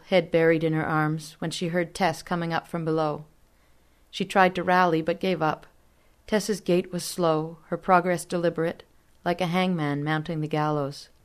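Woman reading an audiobook, low voice, steady and expressive. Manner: measured and expressive. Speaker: narrator. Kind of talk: scripted audiobook narration.

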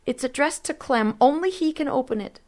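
A woman voicing a frightened, frail middle-aged mother in a storybook reading, her voice high and quavering. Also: fairly quick, a little mellow, lightly acted. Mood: grieving.

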